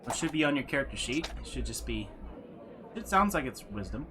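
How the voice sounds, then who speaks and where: A man narrating a tabletop game as game master, animated and laughing often. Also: medium pitch, a little fast, background noise.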